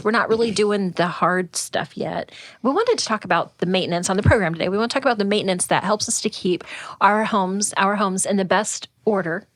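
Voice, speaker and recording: A woman's voice: mid-range voice, no echo. A middle-aged woman co-hosting a casual home-advice show, chatty, with lots of "like" fillers and easy laughter. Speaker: podcast co-host, real estate agent.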